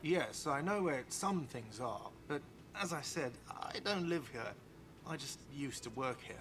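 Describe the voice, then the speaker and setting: An actor playing a defensive, whiny cafeteria manager in a video game. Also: male voice, medium pitch, animated, measured pace, a bit bright, a little hiss or hum. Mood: snippy. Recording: game audio with music behind.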